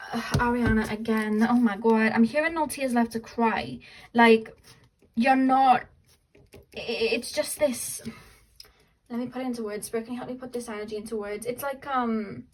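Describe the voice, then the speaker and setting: A young woman talks through a casual tarot reading in a chatty, upbeat way. Her voice sits a little high. She trails off, restarts, and slips into quoting what the viewer is thinking. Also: slight background noise, rough recording. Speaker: tarot reader.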